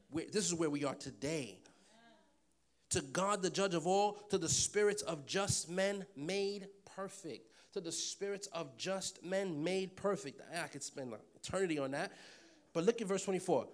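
A man preaching a sermon, joking with the congregation and repeating phrases for emphasis. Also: high-pitched. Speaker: pastor.

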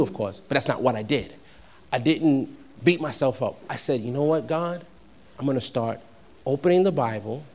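A young adult man from New York preaching a sermon, shifting between conversational storytelling and loud, emphatic peaks. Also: medium pitch. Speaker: pastor.

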